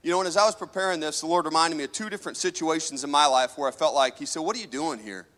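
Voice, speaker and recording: A man's voice: a little high, rapid-fire, bright, forceful tone. A man preaching a sermon to a church congregation, talking in a loose, conversational way and often asking the crowd for an amen. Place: church sanctuary. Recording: hall reverb from a church.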